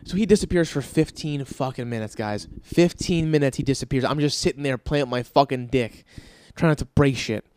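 A man telling a comic story with an animated, profane, ranting delivery. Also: medium pitch, a little fast, smooth, no echo, studio quality.

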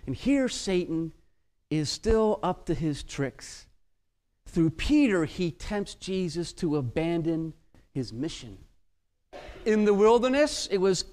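A male preacher with a notably high voice delivers an expository sermon with rhetorical questions. He swings sharply between loud, emphatic exclamations and quiet, hushed lines. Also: animated, unhurried.

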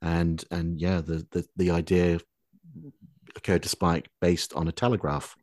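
A man hosting a podcast, talking in a measured, hesitant way with fillers. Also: sits low, level tone, a little mellow, dry recording, clean studio sound. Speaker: podcast host. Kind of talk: casual chat.

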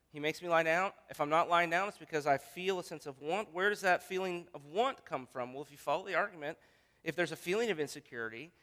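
A man's voice: a little high, pushed and bright. A male pastor preaching a sermon, earnest and thinking aloud with frequent restarts. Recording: long hall reverb.

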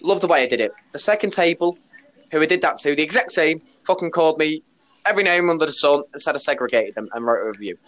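A man's voice: fairly high pitch, animated, quick pace, a bit bright. A man tells a story on his podcast, blunt and casual. He swears freely and retells what people said. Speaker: podcast host; bar worker.

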